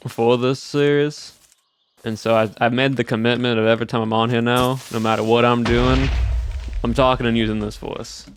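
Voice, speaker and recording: A man's voice: mid-range voice, level tone, normal speed, a little hiss or hum. A game streamer chatting casually with viewers in a put-on Southern US drawl, easygoing as he plays. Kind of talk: casual live-stream chat while playing.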